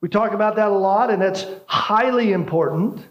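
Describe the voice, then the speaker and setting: A man's voice: high-pitched, a little fast, darkish tone, poor audio. A man preaching a sermon, explaining a word by repeating key phrases and asking "right?" to his listeners. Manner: emphatic teaching, repeats key phrases with tag questions. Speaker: pastor.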